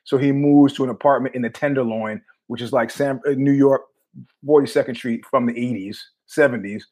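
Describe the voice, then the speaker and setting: A man's voice: mid-range voice, fairly even intonation, fairly quick, darkish tone. A man hosting his own show, telling a story in a blunt, profane, conversational way. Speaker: host. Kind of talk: casual storytelling monologue.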